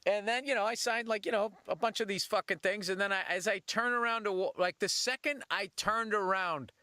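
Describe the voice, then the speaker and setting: A man with a high, bright voice tells a profane story, his pitch swinging widely as he talks. He sounds close and dry, and he swears freely. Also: a little fast, dry recording. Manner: animated, swears constantly, acts out voices. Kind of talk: casual profane anecdote.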